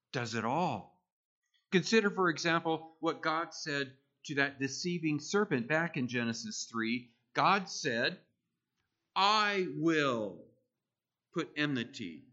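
A man's voice: a little high, bright, forceful tone, dull audio. A man preaching a sermon, emphatic and repeating key phrases with rising force.

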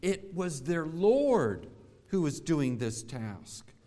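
A man preaching a sermon, measured and deliberate, asking the congregation rhetorical questions. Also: on the high side, sing-song, warm tone, long reverb tail. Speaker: pastor.

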